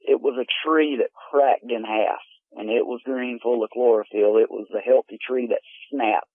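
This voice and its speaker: A man casually telling a story about a night at a campsite, rambling and excited, saying "man" and "dude". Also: medium pitch, normal speed, dry recording. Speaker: caller telling a camping encounter. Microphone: telephone. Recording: tinny phone line.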